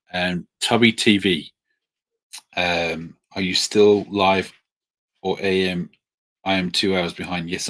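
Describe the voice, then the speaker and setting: A man with a very deep voice chats casually with viewers on a livestream. He is friendly and hesitant, filling pauses with ums and quick apologies. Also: a bit bright. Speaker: livestream host. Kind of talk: casual live Q&A chat.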